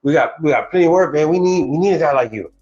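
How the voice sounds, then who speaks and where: A man doing a pushy contractor who sweet-talks a worker into jumping ship, over and over. The voice sits fairly high and eager. The sound is a little dull, with soft music behind. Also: lively intonation, quick pace, lightly acted. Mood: coaxing. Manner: coaxing, repetitive, calls the listener man.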